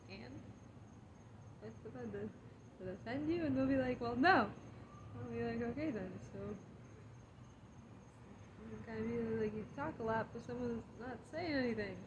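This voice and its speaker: Reflective woman vlogger, higher-pitched, casual and self-laughing; insect noise behind. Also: moderate pace, long pauses, muffled recording. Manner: chatty, laughs at herself often. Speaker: spiritual vlogger. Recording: clear background insect noise.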